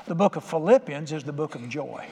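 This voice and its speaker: Older folksy preacher in a reverberant hall. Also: male voice, a little high, animated, a little fast, mellow, slight background noise. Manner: folksy, conversational preaching with acted-out quotes. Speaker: pastor. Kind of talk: sermon. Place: church sanctuary. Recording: reverberant hall with faint ambience.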